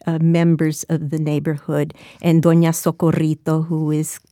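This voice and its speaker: A woman's voice: deep voice, completely flat delivery, normal speed, mellow, dry recording, clean studio sound. A woman in her sixties, an author being interviewed, who speaks reflectively with frequent restarts. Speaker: author and guest. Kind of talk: interview conversation and reading.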